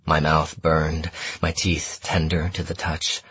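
A man narrating a first-person story in a measured, steady audiobook reading. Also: rumbling low, breathy edge, no room sound.

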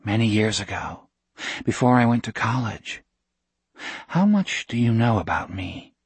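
A man gives voice to a quiet woman missionary doctor in an audiobook, speaking softly with each syllable carefully weighed. The delivery is very slow and a little husky, in a dry, close sound. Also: fairly low pitch, expressive, dry recording, heavily acted. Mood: gentle.

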